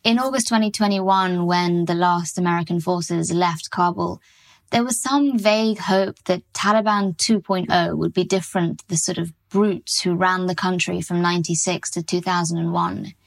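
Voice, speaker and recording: A woman correspondent answering interview questions on a news podcast, measured and analytical, with some fillers. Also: fairly low pitch, fairly even intonation, creaky.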